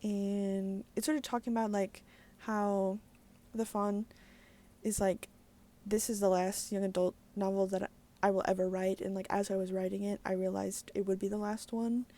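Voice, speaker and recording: A woman's voice: medium pitch, flat delivery, moderate pace, warm tone. A woman chatting casually in a daily book vlog, candid and full of fillers, with some swearing. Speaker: book vlogger.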